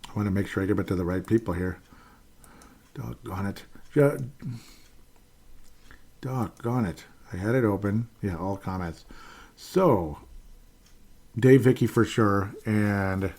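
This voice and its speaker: A man's voice: fairly low pitch, measured pace, pauses often, darkish tone. A man hosting a casual solo sports podcast, rambling along with frequent fillers and restarts. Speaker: podcast host.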